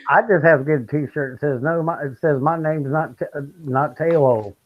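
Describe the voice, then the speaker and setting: A man on a casual livestream chat, tossing in quick joking asides. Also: a little high, narrow, tinny audio.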